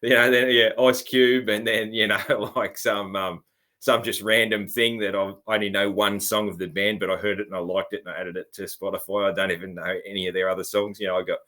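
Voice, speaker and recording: A man's voice: lowish voice, level tone, brisk, sharp tone. A middle-aged Australian man hosting a podcast interview in an easygoing, rambling way. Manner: rambling and easygoing, often calling the guest "man". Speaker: podcast host. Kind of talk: casual interview chat.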